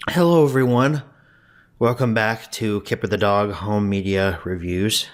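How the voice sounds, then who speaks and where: Low-voiced man hosting a review vlog. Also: a little slow. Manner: mock-sobbing, exaggerated emotional outbursts at the start; conversational, with frequent restarts and asides. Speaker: host of a home media review show.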